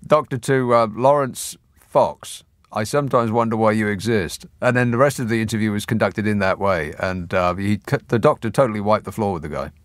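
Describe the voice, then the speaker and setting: A man's voice: fairly low pitch, brisk, dry recording. A man hosting a radio phone-in, chatting wryly and laughing often, on a studio microphone. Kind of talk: casual radio phone-in chat.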